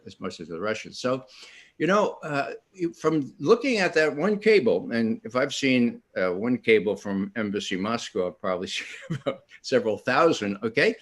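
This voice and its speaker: An older man speaks at an online panel in an animated storytelling manner. His pitch swings widely while he acts out quotes. He often breaks off and restarts his sentences. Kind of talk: storytelling talk at an online event.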